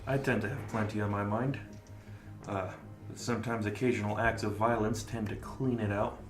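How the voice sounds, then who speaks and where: A man's voice: lowish voice, fairly even intonation, normal speed. A man playing a tabletop role-playing game, talking wryly in character. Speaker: player. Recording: roomy echo with faint music.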